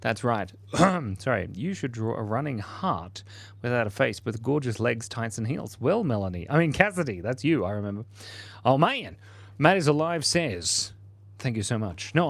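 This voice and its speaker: A man's voice: medium pitch, big pitch swings, moderate pace, no echo. A man hosting a casual live stream, chatting playfully and laughing while he draws and reads out viewer comments. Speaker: livestream host.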